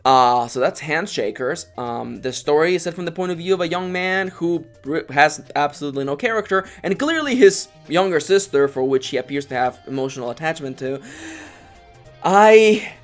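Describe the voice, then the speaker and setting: A man's voice: a little high, moderate pace, faint music behind. Salty young man ranting in forced cheer. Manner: exaggerated forced excitement, sarcastic and salty. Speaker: anime reviewer, channel co-host. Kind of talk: casual ranting review.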